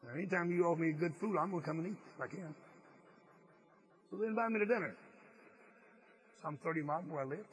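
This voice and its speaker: A man's voice: on the high side, fast talker, pauses often, rough recording. A male preacher delivering a sermon as earnest storytelling, stressing key phrases and sometimes restarting his words. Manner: some stammered restarts.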